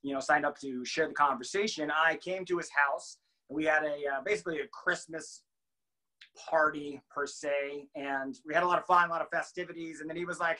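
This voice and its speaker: A young adult man giving a casual motivational training talk, animated and laughing, acting out quotes. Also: on the high side, fairly quick, rough recording. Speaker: team trainer.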